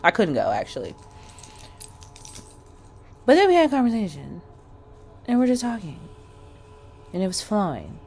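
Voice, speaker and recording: A woman vlogger telling a personal story to the camera in a chatty, expressive way, talking straight to her viewers. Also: medium pitch, normal speed, gravelly, pauses often, breathy edge, soft background music.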